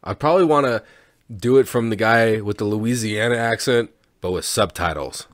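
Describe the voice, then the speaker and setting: A man's voice: fairly low pitch, normal speed, no room sound. A man co-hosting a podcast in a casual chat, rambling and laughing often with frequent restarts, recorded in a studio. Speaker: podcast co-host.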